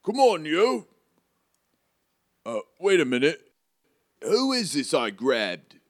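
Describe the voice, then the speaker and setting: A bumbling, friendly giant of a groundskeeper, as a man puts him on, loud and stammering. His voice leaps up when he gets excited. A tabletop role-play figure. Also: on the high side, slow, voice pushed up, full character voice. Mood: gruff.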